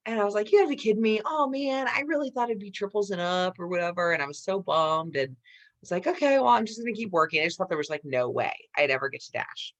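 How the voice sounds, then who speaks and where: A woman in her thirties who leads in network marketing shares an inspiring personal story, talking fast in a lowish voice. She's lively and keeps calling her listeners "you guys."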